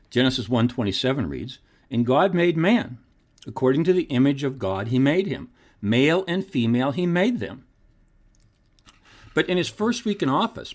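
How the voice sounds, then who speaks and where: A man hosting his own podcast, reading scripted commentary in an emphatic, preacherly way. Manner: emphatic, preacherly delivery with wide pitch swings. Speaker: podcast host.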